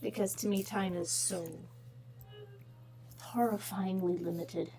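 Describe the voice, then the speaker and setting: A woman's voice: mid-range voice, fairly even intonation, takes it slowly, mellow, soft background music. A woman hosting a drawing livestream, chatting casually and rambling, sometimes dropping into whispers. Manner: rambling, self-mocking, trails into whispers. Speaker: livestream host drawing requests.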